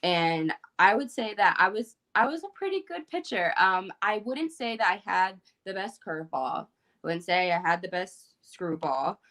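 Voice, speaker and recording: A young woman, a former softball pitcher, chatting casually as a guest on a video-call interview, with frequent fillers and light laughs. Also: lively intonation, normal speed. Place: room at home.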